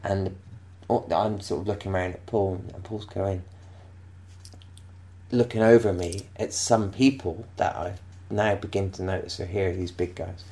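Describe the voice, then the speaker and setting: A man from England with a very low, gravelly voice tells a long, meandering story. He keeps stopping and restarting his sentences and breaks into laughter as he talks. His speech is loose and relaxed, like casual chat. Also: unhurried. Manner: rambling, self-interrupting, laughing storyteller. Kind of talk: casual anecdote.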